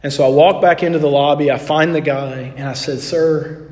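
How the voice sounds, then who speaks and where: A middle-aged man preaching a sermon, telling a personal story in an animated way and acting out both sides of the dialogue. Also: a little high, normal speed, hardly any pauses. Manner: animated anecdote, acting out dialogue, drops to soft tones. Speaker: pastor. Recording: long hall reverb.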